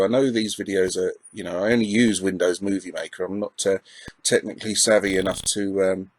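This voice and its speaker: A man's voice: lowish voice, no room sound, poor audio. A middle-aged man with an Essex accent giving chatty, self-deprecating commentary over gameplay, with plenty of ums and uhs. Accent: English, Essex. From England. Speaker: retro gaming YouTuber.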